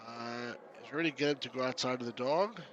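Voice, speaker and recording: A man's voice: mid-range voice, fast talker, fairly bright tone, highs cut off, slight background noise. A man giving casual, chatty commentary while playing a game, reading the on-screen text aloud and laughing often. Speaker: game reviewer.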